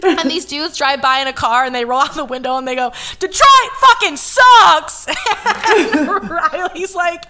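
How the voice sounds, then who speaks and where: A woman in her twenties hosting a podcast, telling a story in casual chat, animated and swearing as she acts out quoted dialogue. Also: high-pitched, normal speed. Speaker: podcast host.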